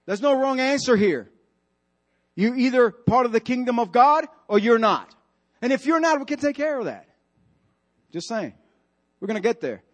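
A man's voice: very high-pitched, sing-song, moderate pace, pauses often. A male pastor preaching a sermon, emphatic and repetitive, putting direct questions to the congregation in church.

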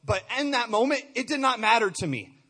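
Young man, husky voice, personal testimony, earnest, repeats words as he goes. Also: extremely high pitch, expressive, brisk, bright, forceful tone. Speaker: speaker sharing a testimony.

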